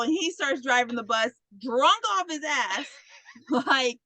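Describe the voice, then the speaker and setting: A woman's voice: sits high, a little slow, dry recording, rough recording. A young woman co-hosting a podcast, retelling a movie in casual chat and acting out the characters' lines. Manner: animated retelling, acts out characters' lines, frequent "like". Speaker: podcast co-host.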